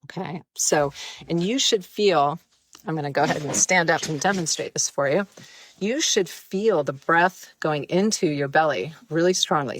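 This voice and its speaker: A woman leading a guided breathwork session, gentle and playful, coaching listeners through each breath. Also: deep voice, animated, no echo. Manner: gentle, playful, unhurried guidance. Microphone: close mic, live stream.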